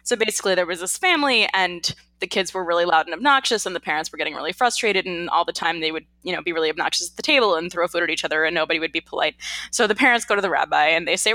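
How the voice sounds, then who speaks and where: Animated, bright-voiced woman telling a story. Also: on the low side, quick pace, dry recording. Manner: animated, playful storytelling with put-on quotes. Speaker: podcast co-host. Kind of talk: casual chat and storytelling.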